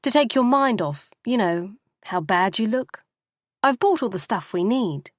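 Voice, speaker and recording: A woman reading an audiobook voices a blunt, awkward teenage girl in a high, offhand voice. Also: expressive, a little slow, no echo. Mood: eager.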